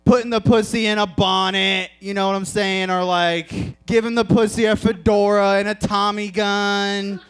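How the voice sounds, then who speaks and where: Brief: male stand-up comic, high and animated, crude and loose, echoey bar room heard from a distance. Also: normal speed, few pauses, soft background music. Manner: crude, loose, conversational storytelling. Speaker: stand-up comedian. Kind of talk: stand-up comedy set. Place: bar venue stage with live audience. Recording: echoey room, distant mic, crowd audible.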